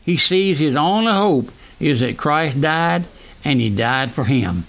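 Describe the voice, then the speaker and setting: A man, preaching a fervent radio sermon that swings between raised and hushed lines. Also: fairly high pitch, animated, unhurried. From South Louisiana. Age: 90s.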